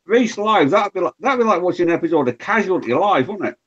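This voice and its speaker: High, lively-voiced bantering man. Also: muffled recording. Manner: chatty and animated, quick banter. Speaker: regular guest on a live hangout. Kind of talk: casual chat.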